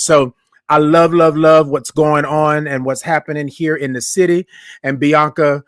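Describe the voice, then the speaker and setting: A man hosts a morning live stream in a slightly high voice. He sounds friendly and loose, says "y'all" a lot, and stretches each viewer's greeting out into a slow, sung call. The recording is dry and close, with no room sound. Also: fairly bright tone, no echo. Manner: Southern-style informal speech, says "y'all". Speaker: host of a live morning show. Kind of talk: casual live-stream chat.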